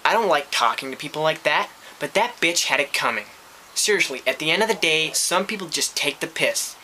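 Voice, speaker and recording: A man's voice: a little high, lively intonation, a little fast, bright, forceful tone, a little hiss or hum. A man voicing an aggrieved young man, venting with swearing.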